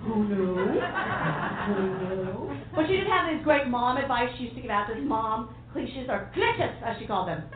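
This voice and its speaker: A woman from New City, New York City, does a stand-up set on a comedy club stage, her fairly high voice animated and at a moderate pace, with brassy, playful crowd-teasing. The echoey club recording sounds phone-like, with background noise and the audience laughing.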